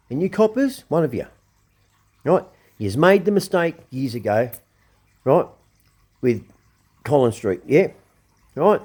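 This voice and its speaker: A man's voice: mid-range voice, mellow, husky. An Australian man hosting his own show, ranting angrily with lots of swearing and repetition. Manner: swearing, blunt, repeats himself. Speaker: show host. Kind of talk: angry ranting commentary.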